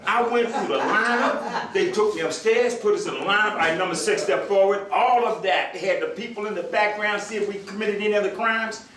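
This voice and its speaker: His voice sits high and runs a little fast with hardly any pauses as the older man, a retired marshal, tells his story to a crowd. He acts out the other voices and laughs along, heard far from the mic in an echoey hall.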